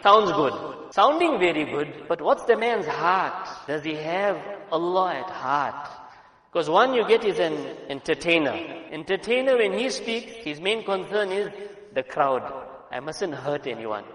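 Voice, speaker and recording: An earnest male preacher delivers a sermon with emphatic swings between hushed lines and loud ones. His voice sits a little high for a man. The sound rings through a large hall with a long, roomy reverb. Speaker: Islamic preacher.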